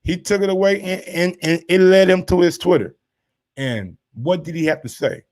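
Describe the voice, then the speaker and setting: A man hosting boxing commentary, reacting to social media posts in animated, slangy casual talk with drawn-out exclamations. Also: sits high.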